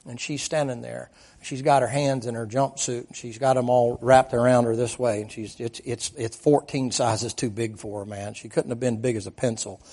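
A man's voice: medium pitch, steady tone, moderate pace, dark tone. A man preaching a sermon as a vivid, folksy story, dropping "man" and "boy" into his sentences.

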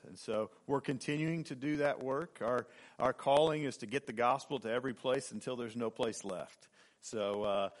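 A man in his forties from Oklahoma, a guest preacher giving a sermon and telling a story, halting with fillers and restarts. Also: medium pitch.

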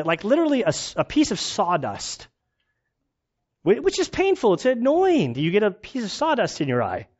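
A man preaching in a loose, storytelling way, mocking himself and laughing often. His voice sits a little high for a man. The recording sounds dull and lo-fi. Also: big pitch swings, moderate pace. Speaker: pastor. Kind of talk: casual storytelling sermon.

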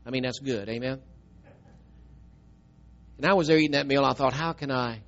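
A middle-aged man, preaching a storytelling sermon and swinging from emphatic, loud telling to a soft, tearful hush. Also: medium pitch, moderate pace, dull audio.

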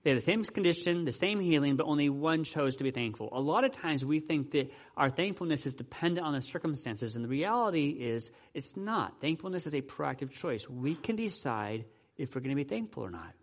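A man's voice: a little high, animated, fairly quick. A man giving a conversational sermon as pastor, asking his listeners rhetorical questions and using casual fillers. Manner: asks the audience frequent rhetorical questions; informal, with fillers like "right" and "you know".

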